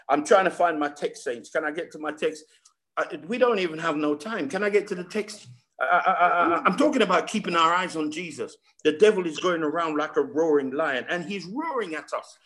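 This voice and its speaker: A man's voice: a little high, fairly bright tone. A man, preaching a sermon over a video call. He repeats words, builds emphasis and keeps asking the congregation questions. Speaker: pastor.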